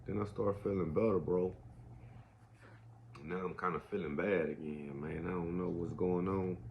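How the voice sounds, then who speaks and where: A man's voice: deep voice, fairly even intonation, normal speed, vocal fry, slight background noise. A man, rambling casually with lots of slang and a slight cough. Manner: laid-back, slangy, says man and bro a lot. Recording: dull lo-fi audio.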